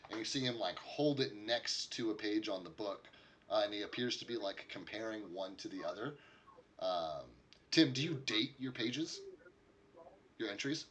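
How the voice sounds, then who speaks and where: A man's voice: fairly low pitch, expressive, moderate pace, a bit bright, slight background noise. A man narrating as a game master in a casual, rambling way, with many fillers.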